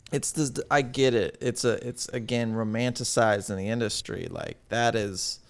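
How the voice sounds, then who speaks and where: A man's voice: medium pitch, big pitch swings, moderate pace, vocal fry, hardly any pauses. A man co-hosting a podcast in casual chat, agreeable and jokey, mimicking pretentious people. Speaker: podcast co-host.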